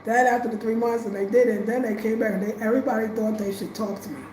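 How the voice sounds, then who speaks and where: A woman from Brooklyn with a New York accent telling her life story, emotional and animated, jumping between loud bursts and quiet asides. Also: fairly high pitch, fast, reverberant, slight background noise, poor audio. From Brownsville, Brooklyn, New York.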